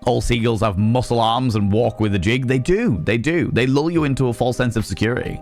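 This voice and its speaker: A man's voice: mid-range voice, brisk, hardly any pauses, soft background music. A young man streaming live, chatting casually with a jokey, profane, rambling manner as he reads chat aloud.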